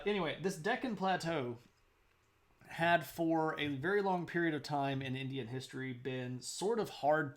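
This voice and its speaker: A man streaming a casual history lecture, chatty, greeting viewers and laughing often. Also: a little high.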